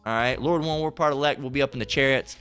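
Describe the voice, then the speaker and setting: A man's voice: medium pitch, racing, a bit bright, clean tone, soft background music. A man preaching a heated, profane sermon, ranting, repeating himself and firing off rhetorical questions between scripture readings.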